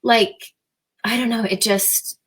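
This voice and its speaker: Chatty, animated woman in her thirties. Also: a little high, takes it slowly, slightly rough. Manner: animated, chatty storyteller with many fillers. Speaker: interview guest. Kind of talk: casual interview chat.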